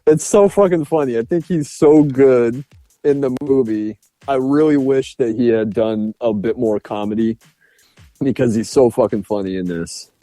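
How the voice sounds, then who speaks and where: A man's voice: mid-range voice, moderate pace, warm tone, no echo, faint music behind. A man co-hosting a podcast, reviewing a film in casual chat, laughing often and swearing enthusiastically. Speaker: podcast co-host.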